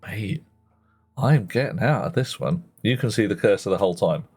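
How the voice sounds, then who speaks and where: A man's voice: lowish voice, lively intonation, moderate pace, darkish tone, breathy edge. A man giving chatty, self-mocking commentary while playing a game on a live stream, muttering asides to himself.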